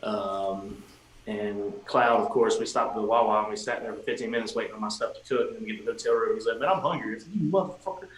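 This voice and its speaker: Guest musician, male, lively anecdote teller, roomy echo. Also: lowish voice, quick pace. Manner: animated storyteller, swearing, acting out quotes. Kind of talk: casual storytelling on a livestream. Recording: echoey room with faint ambient noise.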